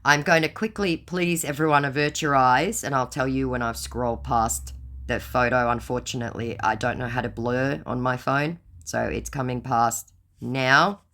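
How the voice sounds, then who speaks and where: A woman's voice: a bass voice, fairly even intonation, normal speed, a bit bright. A woman casually narrating her chats with a scammer in a dry, sarcastic way. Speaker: scam baiter. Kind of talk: casual storytelling vlog.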